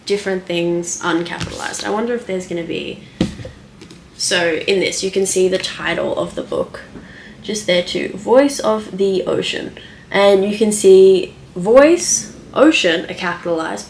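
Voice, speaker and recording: A woman's voice: medium pitch, slight background noise. A young woman talking casually through writing tips, thinking aloud with lots of ums and likes. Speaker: writing vlogger. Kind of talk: casual screen-share talk.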